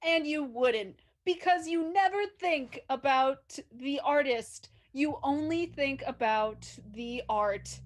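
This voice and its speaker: High voiced woman, super slow, huffy lecturing in an improv bit. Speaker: improv performer. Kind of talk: improv comedy scene.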